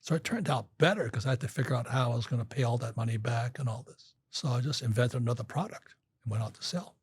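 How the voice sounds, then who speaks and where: A man's voice: mid-range voice, quick pace, husky. An older man telling rambling stories in a casual interview, acting out quotes with frequent restarts. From Hawaii. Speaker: guest.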